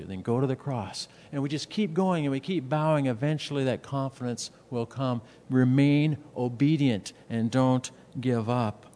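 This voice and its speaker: A man's voice: mid-range voice, moderate pace, hardly any pauses, warm tone, in a large hall. A man preaching a sermon as a pastor, earnest and emphatic, asking rhetorical questions and repeating words for stress.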